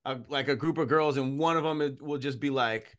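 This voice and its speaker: Bright, forceful man, animated panelist, jokey. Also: medium pitch, moderate pace. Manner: animated, joking, asks pointed questions. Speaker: podcast panelist. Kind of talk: casual podcast chat.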